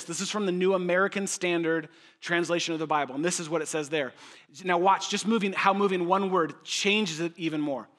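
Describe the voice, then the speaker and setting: A man's voice: a little high, fairly bright tone. A man preaching a sermon as pastor, emphatic and conversational, repeating phrases for effect and joking with his listeners.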